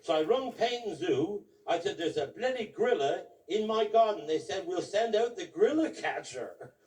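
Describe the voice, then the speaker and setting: A man tells crude jokes. He often laughs at his own punchlines. His voice is high-pitched and sounds roomy and distant. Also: sing-song, moderate pace, a little mellow. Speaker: comedian telling jokes. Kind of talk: crude stand-up joke telling. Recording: echoey room heard from far off.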